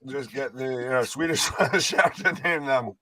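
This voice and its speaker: A man's voice: medium pitch, a little slow, no echo. A man co-hosting a casual wrestling watch-along, making wry remarks and swearing now and then. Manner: wry, deadpan jokes, swears freely. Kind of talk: casual live-stream commentary.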